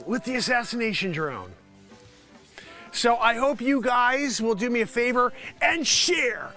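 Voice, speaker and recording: High, bright-voiced man clowning as a reporter. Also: animated, a little slow, soft background music. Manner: goofy mock news reporting, bursts of shouting. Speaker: host of a live comedy stream. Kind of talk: improvised comedy monologue.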